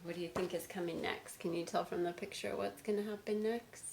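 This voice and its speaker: A woman teacher reading a picture book aloud to children at home, with big swoops in pitch. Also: brisk, vocal fry. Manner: expressive read-aloud with big pitch swings. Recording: roomy sound with faint noise.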